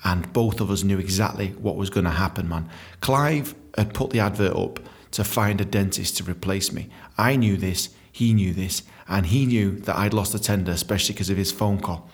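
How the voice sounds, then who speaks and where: A man's voice: sits low, moderate pace. An English man reads his own memoir and breaks into crude, joking asides that are full of swearing. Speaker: author reading his book.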